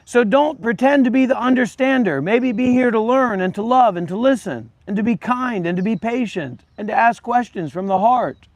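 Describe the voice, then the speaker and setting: A man's voice: extremely high pitch, moderate pace, few pauses, no echo. A man hosting a livestream, talking bluntly and combatively straight at his viewers. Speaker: livestream host and former monk. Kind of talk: unscripted livestream talk.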